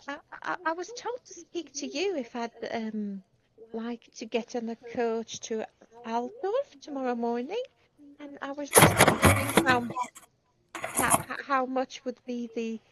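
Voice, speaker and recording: A woman's voice: sits high, lively intonation, takes it slowly, full character voice, poor audio. A woman voicing an innocent, cheerful young traveller who speaks hesitantly in a tabletop game. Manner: bright, hesitant, wide-eyed.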